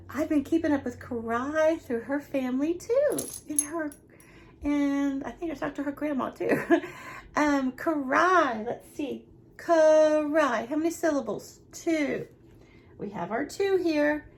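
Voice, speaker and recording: A young woman, a nursery teacher going slowly and encouragingly through a lesson for small children. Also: high voice, a little mellow, a little hiss or hum. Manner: slow, sing-song, encouraging teacher talk.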